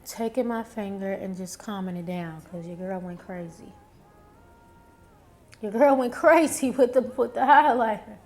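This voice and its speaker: Chatty, slow-talking young woman vlogger. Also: mid-range voice, a little mellow, faint music behind. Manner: chatty, talks to viewers and herself, drawn-out exclamations. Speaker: beauty vlogger. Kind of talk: casual makeup talk-through.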